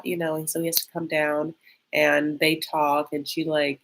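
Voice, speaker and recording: A woman hosting a live TV reaction stream, talking casually with lots of fillers and quick, gossipy bursts. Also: low voice, little pitch movement, fairly bright tone. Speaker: reaction show host.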